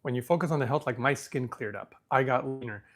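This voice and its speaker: A man with a medium-pitched voice talks fast while hosting a casual live Q&A stream. He answers viewer questions, thinking aloud as he reads from the screen, with an easy self-assurance.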